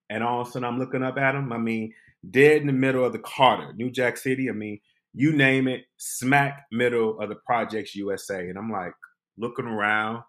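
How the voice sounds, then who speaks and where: A man hosting a podcast, telling a comic personal story with animated delivery, acting out voices. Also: medium pitch. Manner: animated, acts out voices and quotes. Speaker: podcast host.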